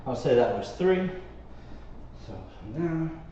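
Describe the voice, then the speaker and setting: Speaking slowly in a mellow, mid-range, sing-song voice, a male Pilates teacher coaches a live class and counts reps as he exercises, occasionally short of breath. The setting is a warm studio. The audio carries a little hiss or hum and sounds echoey, far off and slightly muffled.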